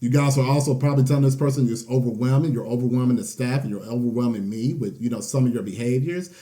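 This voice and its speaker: Dark-voiced man giving a tarot reading. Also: mid-range voice, fast, a little hiss or hum. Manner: conversational, frequent "you know" and "okay?" tags. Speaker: tarot reader. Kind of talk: collective tarot reading monologue.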